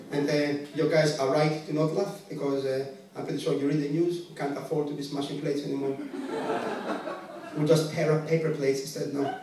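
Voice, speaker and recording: A man from Greece with a Greek accent performing a stand-up comedy set, deadpan and conversational, teasing the crowd. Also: a little high. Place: comedy club stage. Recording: echoey room from a distance.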